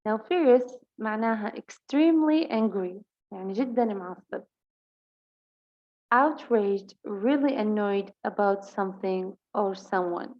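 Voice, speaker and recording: A woman teaches English with a Levantine Arabic accent, her first language being Arabic. She reads example sentences slowly and explains them at a brisk pace. The recording is slightly dull and lo-fi. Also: mid-range voice, expressive. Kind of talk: bilingual vocabulary lesson.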